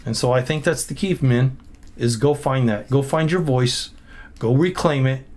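A man's voice: mid-range voice, normal speed, darkish tone. A man who is a pastor, talking in a podcast conversation and preaching earnestly, often repeating phrases for emphasis.

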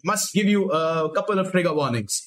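Man podcast host, fairly high voice, chatty, long explanations, uh fillers. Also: expressive, fairly quick, rough recording. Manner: explains plot at length with fillers and restarts. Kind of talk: casual anime podcast chat.

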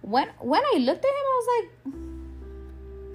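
With an extremely high, very animated voice, a young podcast host talks slowly through a casual monologue about her life. She's candid and emotional, curses freely, and laughs occasionally over faint background music.

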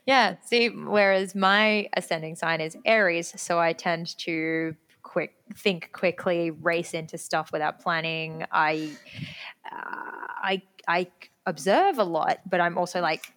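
Animated woman telling quick stories. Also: lowish voice. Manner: quick, animated storytelling, acts out quotes. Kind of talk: casual chat.

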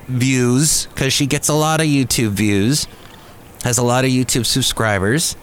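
A man's voice: medium pitch, a bit bright, slight background noise. A man hosting a podcast from a cafe. He talks in a casual, rambling monologue full of jokey, sarcastic asides. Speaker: podcast host.

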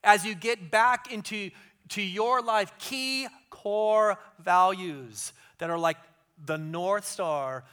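A man preaching a sermon as pastor, conversational and animated, dropping to hushed tones for emphasis. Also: high-pitched, takes it slowly, smooth.

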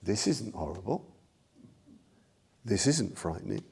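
A serene teacher speaks softly out of the dark, as an older man puts him on in a story. The voice is dark and mellow, hushed and gentle, with a slightly distant sound. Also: fairly low pitch, lively intonation, moderate pace, creaky, husky, exaggerated voice. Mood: calm.

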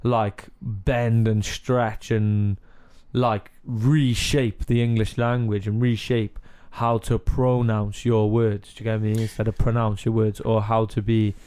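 A man's voice: on the low side, level tone, takes it slowly, mellow, clear, resonant tone. A young man with a Cardiff accent, a rapper talking in loose casual chat, full of fillers, rambling asides and frequent laughs. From Cardiff, Wales.

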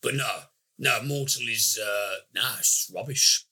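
A man's voice: mid-range voice, measured pace, pushed and bright, breathy edge. A man co-hosting a podcast, rambling a little and correcting himself as he gives a blunt opinion on a film. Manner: rambling, self-correcting, apologetic, laughs a lot. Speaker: podcast co-host. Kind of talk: casual review chat.

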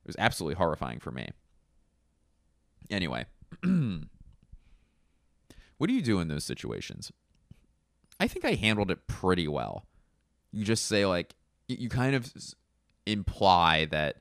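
A stand-up comedian from Philadelphia telling a rambling, casual anecdote full of fillers and self-corrections. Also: male voice, deep voice, sing-song, moderate pace, vocal fry, pauses often, no room sound, studio quality.

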